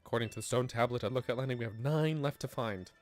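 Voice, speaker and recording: A man's voice: mid-range voice, fast, a little mellow, faint music behind, lightly acted. A man voicing an eager, fussy male historian, reading game dialogue aloud in a theatrical, wordy way. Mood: excited scholarly.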